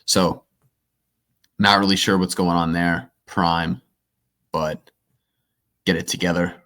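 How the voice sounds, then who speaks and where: A man with a notably low voice co-hosts a film podcast. He tells stories in a casual, animated way. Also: takes it slowly. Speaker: podcast co-host. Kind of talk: casual storytelling chat.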